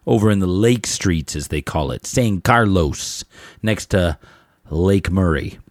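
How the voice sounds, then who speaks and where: A middle-aged man from Southern California, a musician and podcast host, rambles through stories in a casual monologue, growing blunt and heated as he preaches to fellow musicians. His low voice is expressive and measured, recorded dry with clean studio sound.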